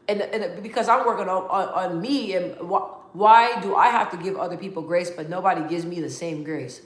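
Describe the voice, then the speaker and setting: Fairly low-pitched and fairly quick, with hardly any pauses, a young adult vlogger speaks candidly and emotionally in casual, heartfelt talk. She rambles, restarting often and repeating words, while the recording carries a roomy echo.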